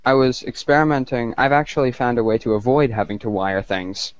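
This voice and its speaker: A man's voice: mid-range voice, brisk, no echo, highs cut off. A man with a British-sounding accent chatting casually and telling jokes. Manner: chatty joke-teller. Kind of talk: casual chat.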